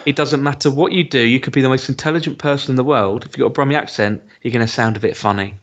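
A man talks through a TV episode in a loose, chatty way, filling pauses with ums and starting sentences over. His voice sits at an ordinary middle pitch. The podcast audio is a little dull and lo-fi. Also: fairly even intonation. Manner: chatty, hesitant with frequent ums and restarts. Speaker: podcast co-host. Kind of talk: casual chat reviewing a TV episode.

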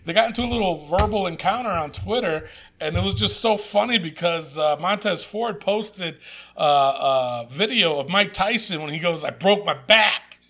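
A man co-hosting a podcast in casual chat, animated, swearing freely and laughing often. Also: sits high, moderate pace. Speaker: podcast co-host.

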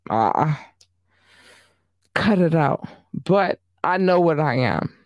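A man giving a casual vlog monologue, animated and emphatic, often repeating himself. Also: fairly high pitch, slow pace, dry recording, highs cut off.

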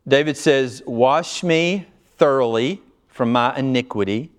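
A male pastor preaching an expository sermon, swinging between loud urgent emphasis and low, quiet asides. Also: measured pace.

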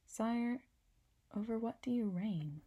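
A woman voicing a timid, wondering young boy prince in a storybook reading, a little higher than her narration. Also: expressive, slow pace, warm tone, slightly rough, muffled recording, full character voice.

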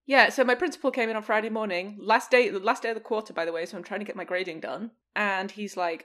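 A woman's voice: mid-range voice, quick pace, hardly any pauses. A woman who works as a teacher, chatting casually on a podcast and telling stories with a lot of swearing and acted-out dialogue. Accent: non-local accent. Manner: sweary, animated storyteller acting out dialogue. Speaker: podcast co-host; school teacher. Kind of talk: casual chat.

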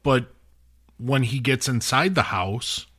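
A man's voice: medium pitch, takes it slowly, fairly bright tone. A man co-hosting a true-crime podcast, in laid-back casual chat with mostly short agreeing replies. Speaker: podcast co-host.

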